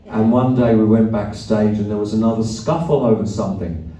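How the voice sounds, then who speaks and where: A musician telling loose, profane, self-mocking stories to a live theatre audience. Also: male voice, lowish voice, fairly quick, few pauses, warm tone. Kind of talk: rambling stage banter between songs. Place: theatre stage. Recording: live theatre recording, roomy and distant.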